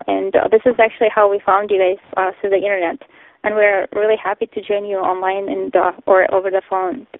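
A woman's voice: mid-range voice, gravelly, no room sound. A woman from Ukraine calling a prayer line, speaking hesitantly with many fillers. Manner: hesitant, many ums and uhs. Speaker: caller asking for prayer. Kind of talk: phone call to a prayer line. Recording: tinny phone line, dry.

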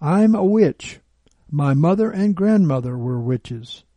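A man's voice: on the high side, lively intonation, takes it slowly, warm tone, dry recording. A man voicing a bitter, contemptuous woman who calls herself a witch, speaking arrogantly and snapping. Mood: scornful. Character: scornful bitter adult woman, a self-declared witch.

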